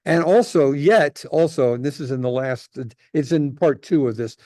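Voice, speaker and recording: A man's voice: fairly high pitch, moderate pace, mellow, no room sound, clean studio sound. A man, a rabbi, teaching a casual class, telling jokes and rambling with lots of restarts.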